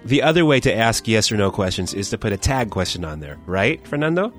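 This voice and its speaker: A low-pitched man teaching on a podcast, explaining question formation step by step and ribbing his co-host. Soft music plays faintly under his voice. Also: big pitch swings, quick pace. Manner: explanatory, playful teasing. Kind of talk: scripted language lesson banter.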